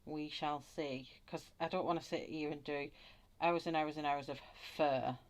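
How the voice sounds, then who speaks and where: A woman's voice: sits low, fairly even intonation, moderate pace. A woman with a Wigan accent, chatting casually to live viewers while she colours, greeting them by name and rambling along. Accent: Wigan, Lancashire. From England. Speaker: colouring channel host.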